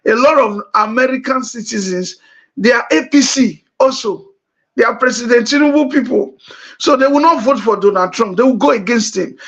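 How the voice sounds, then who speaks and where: Emphatic Nigerian man, fairly high voice. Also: a bit bright, muffled recording. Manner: repeats points slowly to explain; many uh fillers, emphatic. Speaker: talk show host. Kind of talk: political commentary monologue.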